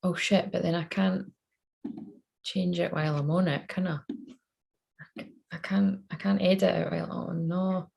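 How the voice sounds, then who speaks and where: This psychic tarot reader does a casual live-stream reading in a fairly low, steady voice with vocal fry and a slightly mellow quality. She speaks at normal speed but pauses often, joking at her own expense, swearing freely, and muttering to herself as she fiddles with her phone.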